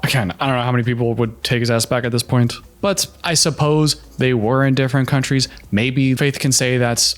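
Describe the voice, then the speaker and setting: A man commenting on reality-show clips in a sarcastic, incredulous, analytical way. His pitch leaps around a lot as he talks, at a middling pitch for a man. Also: lively intonation, brisk, few pauses, faint music behind. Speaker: YouTube commentator.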